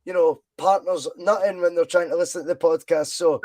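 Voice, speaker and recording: Booming high-voiced podcast host. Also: male voice, fairly quick, poor audio. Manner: loud, animated, reads out viewer comments. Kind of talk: casual fan podcast chat.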